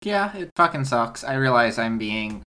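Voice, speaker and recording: A man's voice: medium pitch, very animated, normal speed, pushed and bright. A man chatting casually on a podcast, blunt and swearing freely. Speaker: podcast co-host. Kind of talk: casual chat.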